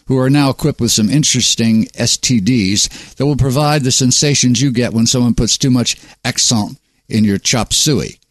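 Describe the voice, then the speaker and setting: A man's voice: medium pitch, dry recording. A man hosting his own show, reading a sardonic, preachy monologue. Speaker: host.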